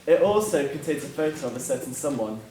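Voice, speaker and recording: A man's voice: mid-range voice, lively intonation, fast, warm tone, slight background noise, lightly acted. A student actor playing a stubborn, coughing old father in a school stage play, recorded from far off in an echoey hall. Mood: sly. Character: frail coughing old father who insists he is fit.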